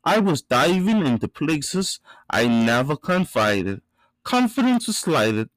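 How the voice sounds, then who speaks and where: A man from the islands reciting his own spoken word poetry and rap, with rhythmic, emphatic delivery and sudden loud rises. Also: fairly high pitch, sing-song, slow, dry recording, low-quality recording. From Bahamas.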